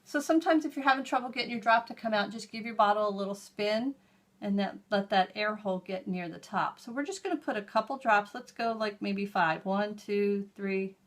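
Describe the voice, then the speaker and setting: A woman's voice: medium pitch, brisk. Chatty woman demonstrating a craft. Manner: chatty, homey, step-by-step explaining while working. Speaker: host. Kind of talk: hands-on how-to demonstration.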